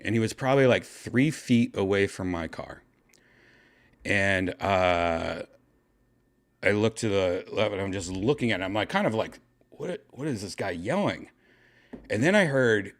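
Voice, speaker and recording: A man hosting a podcast, casually telling a story with excitement and swearing, acting out his own shouts. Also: on the low side. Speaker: podcast host.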